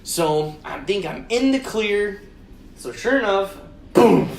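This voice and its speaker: A man co-hosting a podcast, telling a story in casual chat, swearing constantly and acting out his own shouted lines. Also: sits high, animated, slow pace, slight background noise. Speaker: podcast co-host. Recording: roomy echo.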